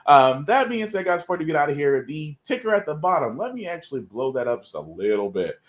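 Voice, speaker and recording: A man's voice: fairly high pitch, sing-song, quick pace. A man hosting a live podcast, talking in an earnest, emphatic way and repeating his points. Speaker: podcast host. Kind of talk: casual live podcast commentary.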